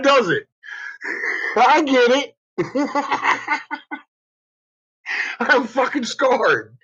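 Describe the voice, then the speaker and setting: A podcast host with a very high, sharp, husky voice chats casually, repeatedly bursting into laughter. His manner is crude and profane, and the recording is dull and lo-fi.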